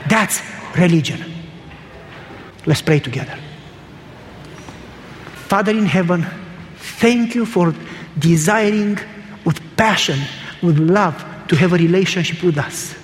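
A man's voice: high-pitched, normal speed. A man preaching a storytelling sermon, emphatic and building through repetition, then leading a prayer. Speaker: pastor. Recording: long hall reverb, faint noise.

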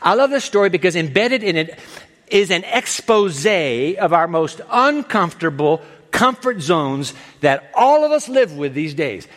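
A man preaching with big swings in pitch, leaping between his own voice and the voices of the people in the story he tells. His voice sits a little high. The sound carries a long reverb, as in a large church hall. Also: normal speed. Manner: animated, acts out voices of Jesus and the woman. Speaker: pastor. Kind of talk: sermon.

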